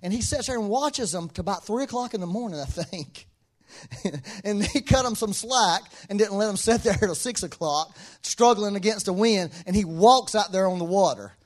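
A man with a high-pitched voice preaches a sermon. His delivery is animated and conversational, and he keeps breaking into light chuckles between points. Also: normal speed.

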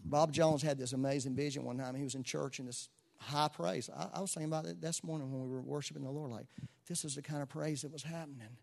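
A man preaching a sermon to a church congregation, moving between soft asides and loud exclamations. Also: medium pitch, fairly even intonation, fast talker, creaky. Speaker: pastor.

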